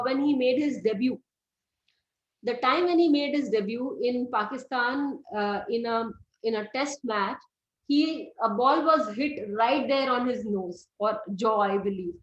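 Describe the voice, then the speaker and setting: A middle-aged woman gives a classroom lecture, explaining step by step and quizzing her students. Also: sits high. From India. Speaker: astrology teacher. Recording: roomy, slightly dull recording.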